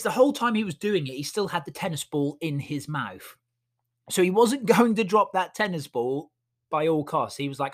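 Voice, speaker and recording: A man's voice: on the high side, lively intonation, fairly quick. A man, a podcast host and dog walker, telling funny stories in a chatty, amused way with many fillers. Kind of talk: casual storytelling.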